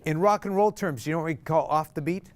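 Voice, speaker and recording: In a fairly quick, slightly high voice, a man teaches a group ukulele class over loud strumming. He calls chords, counts the beats out loud and tests the students with questions.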